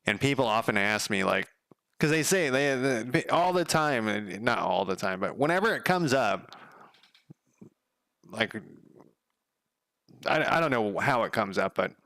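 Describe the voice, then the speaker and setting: A man talks in a loose, rambling way at home, chuckling often and swearing casually. His voice has a gravelly edge yet stays smooth and resonant. The sound is dry and close, with no room echo. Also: medium pitch, lively intonation, measured pace, long pauses, a bit bright. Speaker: game developer streamer. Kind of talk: casual chat.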